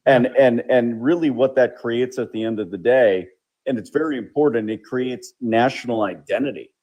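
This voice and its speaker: A man, the show's host, giving measured political commentary in an explanatory way. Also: medium pitch, dark tone. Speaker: show host.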